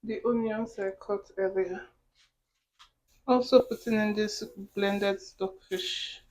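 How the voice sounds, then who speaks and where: A woman's voice: medium pitch, fairly even intonation, takes it slowly, darkish tone, rough recording. A woman from Nigeria hosting a cooking vlog, chatting casually to viewers as she prepares a dish in her home kitchen. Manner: chatty, talks while cooking, asides to viewers. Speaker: cooking vlogger.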